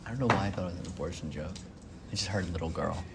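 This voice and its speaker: A young man hosting a casual chat, telling stories with animated, incredulous questions. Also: low voice, very fast, gravelly, background noise. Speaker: host.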